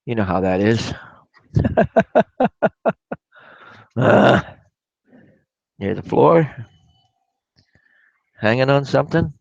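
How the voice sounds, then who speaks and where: Man, raspy from a cough, casual live-stream chat, rambling, dry lo-fi recording. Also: medium pitch, dry recording. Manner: rambling, talks to viewers while working. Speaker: glass artist streaming live.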